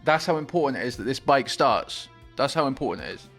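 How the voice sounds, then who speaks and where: Male reactor, mid-pitched, gushing and hyped, faint film music underneath. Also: fairly quick. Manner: excitable, gushing enthusiasm. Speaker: movie reaction host. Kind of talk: excited film reaction commentary.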